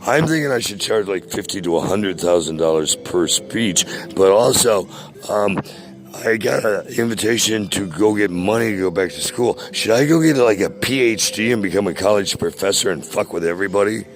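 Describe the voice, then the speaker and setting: A man's voice: on the low side, lively intonation, moderate pace, faint music behind. A man in his sixties ranting casually to a friend, profane and boastful, rambling with many hesitations. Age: 60s.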